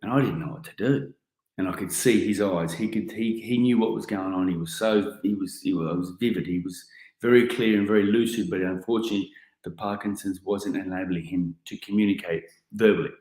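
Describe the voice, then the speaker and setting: An Australian man in his forties giving a keynote talk, telling an animated story full of casual slang. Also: sits low, fairly quick. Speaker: keynote speaker. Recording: roomy echoing hall.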